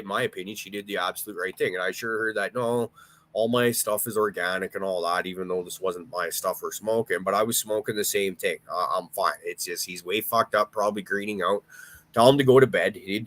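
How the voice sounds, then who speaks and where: A man with a bright, forceful tone and a fairly low voice tells a rambling story in loose, casual chat. He swears often and stumbles over his sentence starts as he goes. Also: no echo. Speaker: podcast host.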